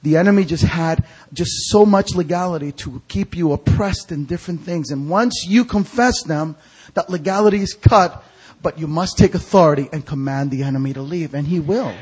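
A husky man with a fairly high voice preaches in a church sanctuary. He tells his story in an animated way, dropping to near a whisper and then rising, and he acts out the voices of the people in it. He sounds like an evangelist carried along by his own tale. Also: normal speed. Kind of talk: storytelling sermon.

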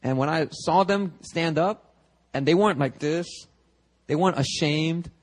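A young male pastor preaching a casual, conversational sermon, animated and full of quick asides and restarts. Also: on the high side. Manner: animated, chatty, frequent restarts and asides to the congregation. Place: church sanctuary.

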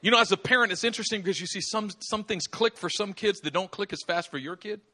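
A man preaching a sermon as pastor, acting out little dialogues with laughter and sudden shouts. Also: high voice, fast. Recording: live church service.

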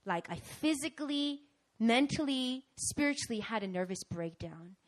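Young woman, sermon testimony, animated storyteller with big swings from soft to loud. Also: on the high side, normal speed. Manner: dramatic and animated, with sudden swings from hushed to loud. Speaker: preacher giving a testimony.

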